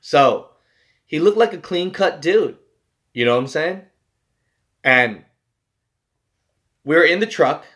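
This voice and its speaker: A man's voice: a little high, expressive, slow, long pauses, a bit bright. Rambling, profane young man telling stories. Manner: rambling, profane, full of "like" and "you know". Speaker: truck driver and channel host. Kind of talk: casual storytelling to viewers.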